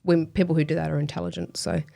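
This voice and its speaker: Creaky-voiced woman telling a story. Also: deep voice, flat delivery, quick pace, mellow. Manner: chatty, many fillers, self-deprecating laughs. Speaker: guest. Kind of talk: casual interview storytelling.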